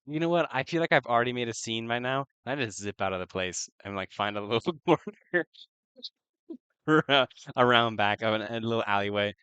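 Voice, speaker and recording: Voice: medium pitch, lively intonation, a little fast, a bit bright, clean tone, no room sound. A player in a tabletop game, thinking aloud with frequent laughs and hesitant restarts.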